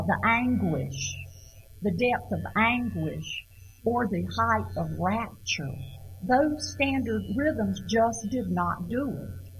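A middle-aged woman giving an informal lecture on poetry, halting and repeating words as she questions her audience. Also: fairly high pitch, poor audio.

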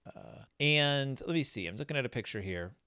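Animated rambling man, casual podcast chat. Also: mid-range voice, moderate pace, clean tone, no room sound, studio quality. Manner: rambling, self-deprecating, with many fillers and restarts. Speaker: podcast host.

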